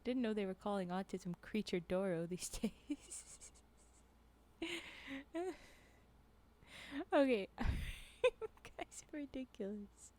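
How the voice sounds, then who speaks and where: A woman streamer talks casually into a desk microphone while she plays a game, with mouse clicks behind her. Her voice is mellow and warm, at a middling pitch. She is playful and laughs a lot, then slips into soft muttering when she focuses. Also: animated, slow pace. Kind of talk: casual chat while gaming.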